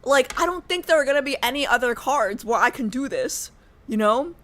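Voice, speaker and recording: An American woman streaming a game, chatting casually with her viewers in an animated, joking way. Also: sits high, fairly quick. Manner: animated, joking, talks to chat. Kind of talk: casual livestream chat.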